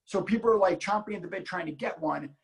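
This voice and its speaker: A man from Illinois telling a story in casual chat, animated and acting out the voices he quotes. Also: high-pitched, quick pace, creaky, rough recording. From Illinois, United States. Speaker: guest car enthusiast.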